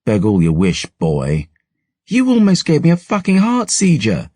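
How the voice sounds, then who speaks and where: A man voicing a haughty, sharp-tongued young noblewoman who speaks crisply and curses freely. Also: medium pitch, wildly swooping pitch, unhurried, no echo, studio quality, voice pushed up.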